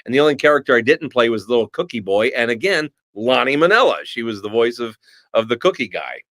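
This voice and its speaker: A man's voice: medium pitch, fast talker. A middle-aged man tells stories with lots of energy, often breaking into character voices. He is a voice actor speaking as a guest in an interview. His voice sounds dry and close, with no room echo. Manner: animated storyteller who slips into voices. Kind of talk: storytelling in a podcast interview.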